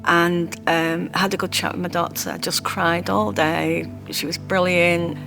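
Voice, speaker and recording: A woman speaks in a low, heartfelt voice, sharing a personal story with pauses and restarts. Soft music plays underneath her. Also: little pitch movement, creaky. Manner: emotional, heartfelt, halting. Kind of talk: personal testimony.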